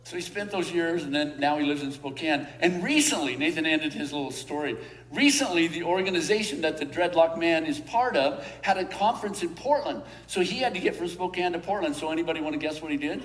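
A man's somewhat bright voice, on the high side, carries a church-hall sermon. It opens with a story full of chuckles and closes with slow, earnest prayer.

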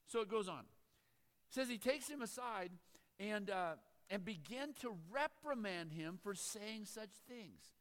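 A high-voiced male pastor reads scripture, then drifts into relaxed, conversational asides that he punctuates with chuckles. His voice carries through a hall with a long, lingering reverb. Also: unhurried. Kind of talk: sermon.

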